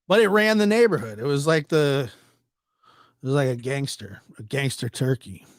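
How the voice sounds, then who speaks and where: A man doing a comic storytelling monologue, acting out characters with sudden jumps in pitch. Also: expressive, normal speed, no room sound, studio quality. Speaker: stand-up comedian.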